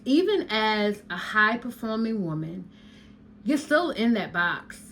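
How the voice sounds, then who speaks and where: A woman hypnotherapist, giving an animated motivational talk and dropping into a slow, soft voice for hypnosis lines. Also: mid-range voice, slight background noise. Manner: animated, preachy, talks straight to the listener as "honey" and "y'all". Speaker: hypnotherapist and podcast host.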